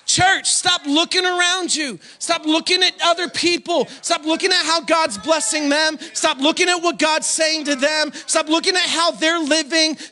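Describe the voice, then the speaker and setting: A male pastor preaching an energetic sermon, repeating phrases for emphasis, calling on the congregation and shouting key lines. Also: extremely high pitch, normal speed, hardly any pauses, soft background music.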